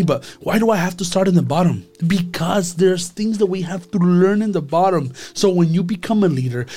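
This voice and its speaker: Earnest man talking faith, higher voice. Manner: earnest, animated, quick apologies. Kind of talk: casual faith discussion.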